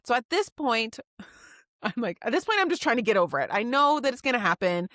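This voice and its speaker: A woman's voice: on the high side, big pitch swings, fairly quick, fairly bright tone, no echo, clean studio sound. A woman co-hosting a book podcast, reading out her notes and acting out the characters' lines in a casual chat. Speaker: podcast co-host.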